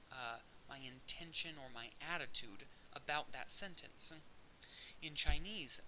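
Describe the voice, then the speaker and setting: A man talks through a recorded audio lecture in a clear, explanatory way and now and then restarts a phrase. His voice is very bright. A faint hiss sits under the recording. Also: on the high side, poor audio. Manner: explanatory, with occasional fillers and restarts. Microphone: audio-only recording.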